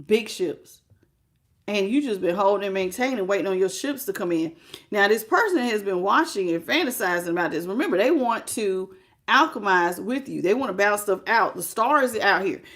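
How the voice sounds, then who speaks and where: A woman's voice: medium pitch, fairly bright tone. A woman hosting a live-stream tarot reading. She talks straight to the listener and greets viewers by name, calling them sweetheart and baby. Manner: speaks directly to the listener.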